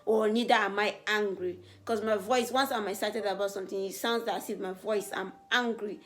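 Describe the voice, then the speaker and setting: A young woman from Africa chatting casually and earnestly in a get-to-know-me Q&A, her voice rising when she gets excited. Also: medium pitch, normal speed, faint music behind. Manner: animated, voice rises when excited. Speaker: beauty vlogger.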